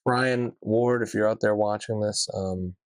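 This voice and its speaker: A man's voice: unhurried, no room sound. A young man, hosting a casual podcast chat in a loose, joking manner. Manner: loose, joking, swings up in pitch when excited. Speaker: podcast host.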